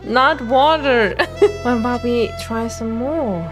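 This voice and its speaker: A young woman streamer giving excitable commentary on her game pulls, pleading and squealing as the results come in. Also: a little high, slow, faint music behind. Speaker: gaming content creator. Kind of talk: excited gacha-pull commentary.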